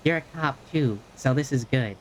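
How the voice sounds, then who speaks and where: A speaker chatting in character as a lawyer in an improvised roleplay, with dry, deadpan teasing. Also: mid-range voice, normal speed, slight background noise.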